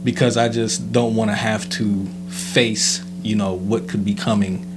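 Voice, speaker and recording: A man's voice: on the low side, fairly even intonation, unhurried, music in the background. Laid-back man chatting on a podcast. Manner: laid-back, rambling, many fillers. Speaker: podcast co-host. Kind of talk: casual chat.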